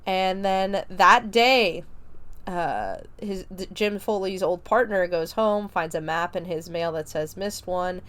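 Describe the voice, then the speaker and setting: Lady podcaster chatting through a movie review, lowish voice, lots of um and like. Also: takes it slowly, fairly bright tone. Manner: chatty, many fillers like um and like. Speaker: podcast host reviewing a horror film. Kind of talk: casual spoken film review.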